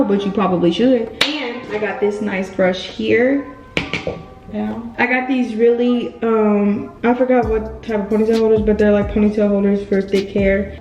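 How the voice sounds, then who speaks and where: A woman's voice: mid-range voice, a little mellow, echoey room, low-quality recording. A young woman chatting casually through a hair tutorial vlog, playful and rambling with lots of asides. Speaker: beauty vlogger. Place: echoey room at home.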